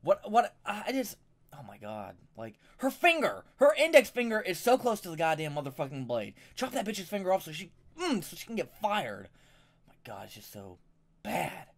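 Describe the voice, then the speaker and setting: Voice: medium pitch, very animated, moderate pace. A vlogger delivering a profane, exasperated and rambling rant into a microphone set a little way off. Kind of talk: angry ranting commentary.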